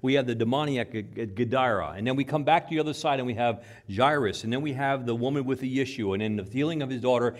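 A man preaching a sermon in church, animated, repeating words and acting out the quotes. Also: medium pitch, fast, few pauses. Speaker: pastor. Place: church with microphone.

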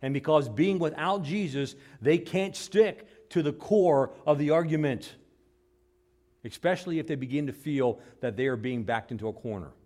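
A man preaching a sermon, emphatic, posing rhetorical questions and swinging between loud and soft. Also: on the high side, moderate pace.

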